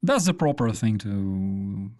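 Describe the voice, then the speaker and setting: Unhurried man chatting on a stream. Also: lowish voice, expressive, darkish tone. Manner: rambling, lots of fillers and restarts. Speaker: live stream host. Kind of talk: casual live stream chat.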